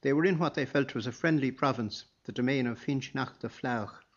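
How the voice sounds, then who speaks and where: A man narrates a historical story in a measured, even voice at medium pitch. The reading is steady and scripted. The recording sounds a bit dull and lo-fi. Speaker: audiobook narrator.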